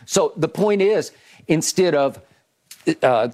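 A man's voice: fairly high pitch, animated, slow pace, a little mellow. A man hosting a sports talk show, breaking down football plays with emphatic repetition and rhetorical questions. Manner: emphatic, repeats words at starts, rhetorical questions. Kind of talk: animated football analysis chat.

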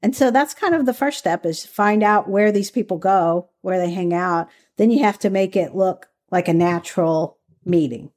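A woman's voice: mid-range voice, moderate pace, hardly any pauses, darkish tone. A woman from the American South, a former undercover agent, recounting her work in a candid, chatty interview. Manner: candid, chatty, laughs easily. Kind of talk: conversational interview storytelling.

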